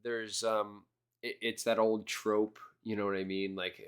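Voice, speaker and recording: A man co-hosting a podcast, chatting through movie commentary in a halting way, full of fillers and restarts. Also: lowish voice, flat delivery, clean tone. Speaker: podcast co-host. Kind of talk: casual movie commentary chat.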